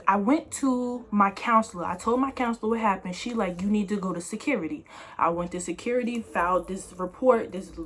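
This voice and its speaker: Animated young woman telling a story. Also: a little high, slight background noise. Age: young adult. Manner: animated, slangy and expressive. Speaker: vlogger. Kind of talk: casual storytime vlog.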